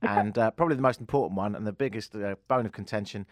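A man's voice: on the low side, quick pace, no room sound, clean studio sound. A British man hosting a radio talk show, chatting in a wry, joking way. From United Kingdom. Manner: wry, joking, lively storyteller. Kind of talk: casual radio chat.

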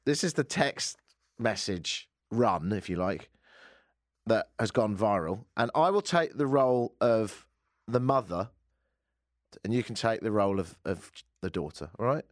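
A man's voice: on the low side, animated, unhurried, no room sound, clean studio sound. A man hosting a casual radio talk show, joking and slipping into silly voices for bits. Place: radio studio.

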